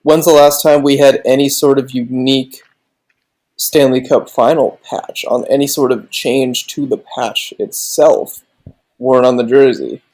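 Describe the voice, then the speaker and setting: A man's voice: medium pitch, fairly even intonation, a little slow, darkish tone, low-quality recording. Joking, rambling podcast co-host man. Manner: jokey, laughs often, rambling with restarts. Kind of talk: casual podcast chat.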